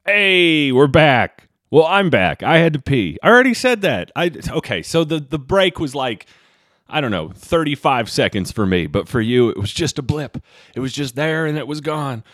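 Animated self-mocking podcast man, slight twang. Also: moderate pace, no room sound, clean studio sound. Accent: slight Southern twang. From Kentucky. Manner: animated, jumps pitch for comic emphasis, self-mocking. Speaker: podcast host and stand-up comedian. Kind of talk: rambling solo podcast monologue.

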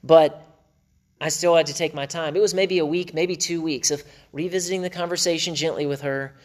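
A man's voice: a little high, fairly even intonation, fairly quick. A middle-aged man hosting a marriage podcast, teaching in an emphatic, preacher-like way and repeating phrases for stress.

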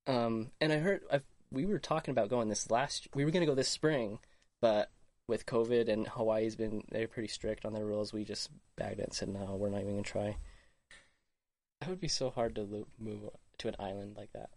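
Woman with a really deep voice, chatty podcast cohost, asks a ton of questions. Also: a little fast, darkish tone, no echo. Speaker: podcast co-host. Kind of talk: casual chat.

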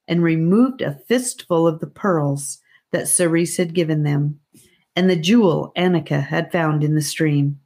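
A woman narrating a children's fantasy audiobook in a steady, careful reading voice. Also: lowish voice, a little slow. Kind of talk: scripted narration.

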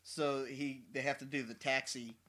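A man's voice: mid-range voice, level tone, moderate pace, a bit bright. A young man co-hosting a casual podcast chat, playful and fond of quoting lines. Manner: playful, quotes film lines. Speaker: podcast co-host.

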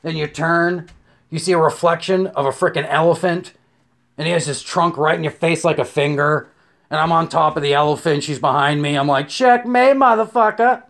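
Young man, fairly high voice, swears freely, rambles through a comic rant with restarts. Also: steady tone, brisk, creaky, a bit bright. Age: young adult. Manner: profane, rambling, with stammered restarts and acted-out scenes. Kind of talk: comedic rant monologue.

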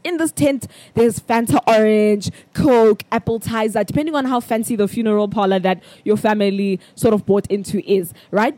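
A young South African woman hosting a podcast, telling a personal story in a chatty, animated way with bursts of laughter. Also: medium pitch, no room sound. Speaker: podcast host. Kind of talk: casual storytelling monologue.

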